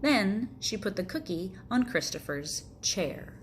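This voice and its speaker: A woman's voice: medium pitch, big pitch swings, a little slow, very noisy. A woman reading a picture book aloud to children, playfully voicing sound effects and chatting about the pictures. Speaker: storyteller for children. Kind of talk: storybook read-aloud.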